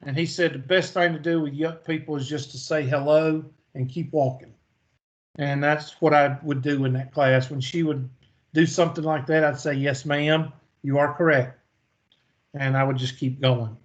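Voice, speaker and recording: A male math instructor with a slightly higher-than-usual voice. He lectures in a folksy, storytelling way, asking questions and answering them himself. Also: steady tone, moderate pace, lo-fi sound.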